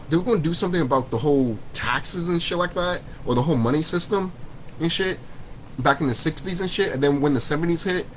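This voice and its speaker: A man's voice: a little high, fairly quick, slight background noise, poor audio. A man in a vlog, ranting to his viewers, heated and repetitive, swearing often. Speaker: vlogger. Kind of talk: profane spiritual rant to camera.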